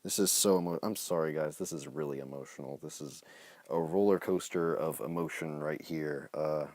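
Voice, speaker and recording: A man with a low, deep voice reads his own comic on a phone live stream. He keeps breaking off for jokey, self-mocking asides. The sound is dry and close. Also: normal speed, darkish tone, dry recording. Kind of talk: casual live-stream reading with commentary.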